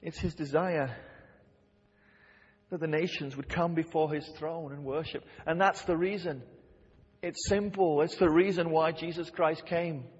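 A man's voice: fairly high pitch, steady tone, measured pace, breathy edge. Man, preacher, sermon, impassioned, repetitive emphasis, dull lo-fi sound, echoing hall. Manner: impassioned, repeats phrases for emphasis. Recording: lo-fi hall reverb.

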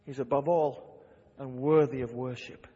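A man's voice: medium pitch, steady tone, unhurried, dark tone, husky. A man preaching a sermon with fervor, repeating key phrases and quoting scripture aloud. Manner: impassioned, repeats phrases for emphasis. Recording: lo-fi hall reverb.

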